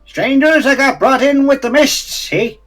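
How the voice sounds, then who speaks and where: Brief: a bright, folksy old drawler put on by a man. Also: very high-pitched, unhurried, pitched above the performer's own voice. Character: gruff old male adventurer with a drawl.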